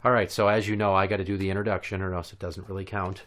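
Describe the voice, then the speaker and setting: A man hosting a comedy podcast, joking loudly and crudely, one moment booming like an announcer and the next mumbling. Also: little pitch movement, fast. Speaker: podcast host.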